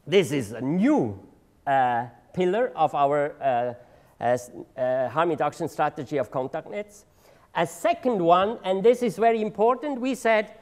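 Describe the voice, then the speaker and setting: Middle-aged man, conference speaker, high voice, swinging intonation, halting, repeats words. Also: expressive, a little mellow. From Switzerland. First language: German. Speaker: drug treatment agency leader giving a seminar talk. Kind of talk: conference presentation. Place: seminar room.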